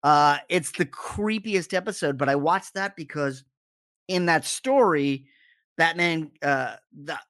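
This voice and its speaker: A man in casual podcast chat, an animated storyteller who acts out the lines he quotes. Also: a little high, slow, no echo, clean studio sound. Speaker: podcast co-host.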